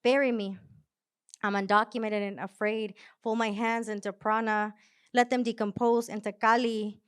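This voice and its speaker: A young woman poet performing spoken word live, with soft, hesitant chat before a measured, emphatic recitation. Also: a little high, level tone, clean tone. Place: live venue.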